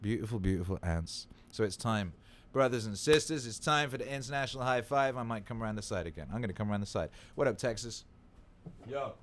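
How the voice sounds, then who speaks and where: A man's voice: mid-range voice, brisk, slight background noise. A tired man hosting a livestream, chatting loosely and swearing freely as he greets viewers. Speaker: livestream host. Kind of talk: casual livestream chat.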